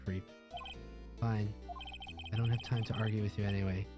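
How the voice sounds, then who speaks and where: A man's voice: fairly low pitch, level tone, normal speed, natural voice. A man voicing an earnest young male defense lawyer who speaks politely and hesitantly, over game music.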